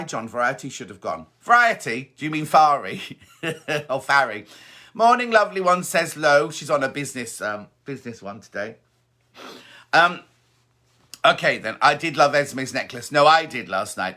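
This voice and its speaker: A man's voice: medium pitch, sharp tone. A middle-aged man hosting a live stream in a casual, chatty way, reading out viewer greetings and answering them. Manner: chatty, reads greetings aloud and chats back.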